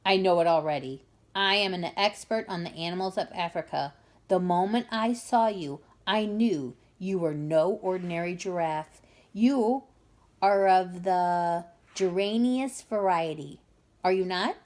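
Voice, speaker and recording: A woman's voice: lowish voice, a little slow, darkish tone, close to an everyday voice. A woman voicing a grand, know-it-all but kindly elderly duke in a storybook reading.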